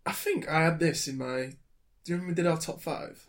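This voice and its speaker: A man's voice: a little high, fast talker. Laughing man in a film chat. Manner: laughs often, animated storyteller. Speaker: podcast co-host. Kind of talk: casual chat.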